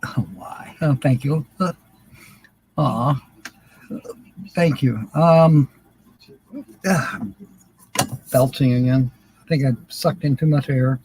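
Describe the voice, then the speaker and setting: A man's voice: medium pitch, takes it slowly, pauses often, noisy background. An older man hosting a livestream word game, chatting casually and chuckling often as he reads out viewers' names. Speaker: livestream host. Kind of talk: casual live chat during a word game.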